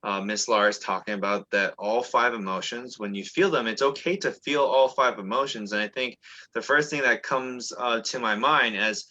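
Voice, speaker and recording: A man talking in a chatty, animated way as co-host of a casual discussion. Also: medium pitch, moderate pace. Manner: animated, chatty, many fillers and restarts. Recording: dull lo-fi sound.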